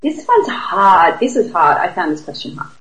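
A woman's voice: lowish voice, big pitch swings, moderate pace, a bit bright. A young Australian woman co-hosting a podcast from home, talking in a laid-back, giggly, joking way. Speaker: podcast co-host. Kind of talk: casual chat. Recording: roomy echo.

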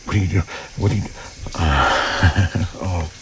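A man speaking in an intimate audio role-play, murmuring low and often slipping into whispers and sighs. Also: unhurried, very noisy.

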